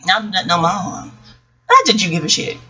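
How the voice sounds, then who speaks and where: A book reviewer in her forties with a New York accent rambles casually about her childhood and a book, swearing freely and telling animated stories full of asides. Her voice is fairly low and her speed normal. The highs are cut off, and crowd noise can be heard.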